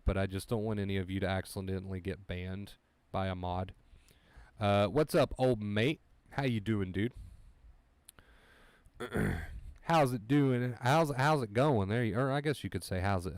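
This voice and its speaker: A man with a fairly low voice talks at a normal pace into a headset mic, livestreaming from home and chatting casually with viewers while repeating himself a lot. His tone is clean with no echo, though the audio quality is poor.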